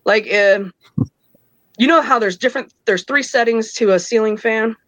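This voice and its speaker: A woman's voice: fairly high pitch, normal speed, fairly bright tone, no room sound, low-quality recording. A woman in her thirties casually telling a personal story, acting out the voices of others and laughing between lines. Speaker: guest telling her own experiences.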